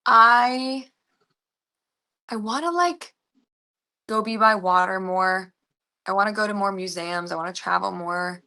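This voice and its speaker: Young US actress, casual interview guest, bright voice, rambling and chatty with lots of fillers. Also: female voice, mid-range voice, a little slow, long pauses. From United States.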